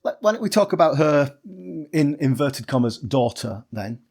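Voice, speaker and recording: A man's voice: a little high, expressive, moderate pace, gravelly, darkish tone. A man co-hosting a podcast, chatting in an easygoing, dry way about old sitcoms. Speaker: podcast co-host. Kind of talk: casual chat about sitcom history.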